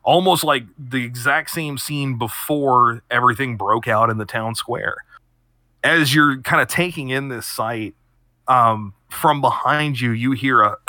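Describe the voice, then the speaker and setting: A man's voice: medium pitch, measured pace, sharp tone, no room sound, studio quality. A man hosting a podcast and narrating as game master, descriptive and full of fillers. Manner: descriptive, many fillers, laughs often.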